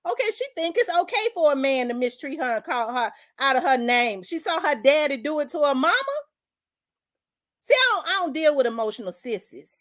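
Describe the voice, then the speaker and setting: A woman's voice: high-pitched, lively intonation, a little fast, fairly bright tone. A woman from South Memphis with a Memphis accent, hosting an opinion vlog in a blunt, profane, fired-up rant. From South Memphis, Tennessee. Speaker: host.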